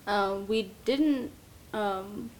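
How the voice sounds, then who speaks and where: A woman's voice: medium pitch, extremely slow, a little hiss or hum, low-quality recording. A young woman guest on a podcast, chatting casually, nervous and giggly, with hesitant speech. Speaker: guest, host's best friend.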